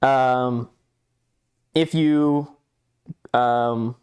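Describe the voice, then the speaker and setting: A man's voice: medium pitch, steady tone, extremely slow, a little mellow, smooth. A young man co-hosting a podcast in casual chat, telling a rambling story, acting out chat messages and swearing often. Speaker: podcast co-host.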